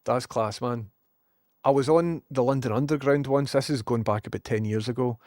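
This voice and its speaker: A man's voice: medium pitch, normal speed, a little mellow, no echo, clean studio sound. A man with a Scottish accent, ranting sarcastically and rambling as he chats to his live-stream viewers, swearing freely. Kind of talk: casual live-stream rant.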